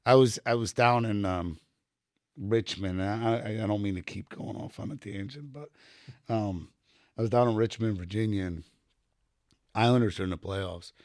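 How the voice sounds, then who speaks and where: A man's voice: fairly low pitch, normal speed, darkish tone, no room sound, studio quality. A middle-aged retired Army sergeant telling rambling anecdotes full of fillers, quoting people as he goes, in a casual podcast chat. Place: podcast studio room.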